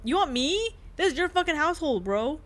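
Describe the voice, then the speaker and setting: Excitable young woman streaming a game. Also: sits high, brisk. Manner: excitable and jumpy, laughs and swears often. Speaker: VTuber streamer. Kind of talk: casual gaming stream commentary.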